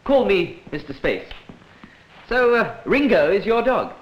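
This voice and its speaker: A performer voicing a calm, mysterious visitor in a stage musical. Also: medium pitch, unhurried, highs cut off, slight background noise. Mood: calm curious. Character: calm mysterious visitor calling himself Mister Space.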